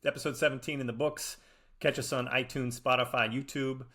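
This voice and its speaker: Bright-voiced man signing off a podcast. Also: mid-range voice, level tone. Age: 40s. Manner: wraps up the show with a quick sign-off. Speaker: podcast co-host. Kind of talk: casual podcast chat.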